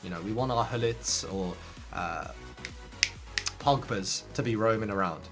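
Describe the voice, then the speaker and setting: A man talking casually to his viewers, giving gaming tips in an animated, direct way, often turning to speak straight at the audience. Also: lowish voice, unhurried, over music. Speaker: gaming content creator. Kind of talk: casual tips talk to camera.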